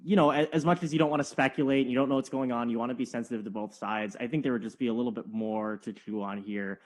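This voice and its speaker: Young male podcast co-host, quick rambling joker, mid-pitched and fast. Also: steady tone. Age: 20s. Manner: joking storyteller, rambling with many fillers. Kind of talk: casual chat.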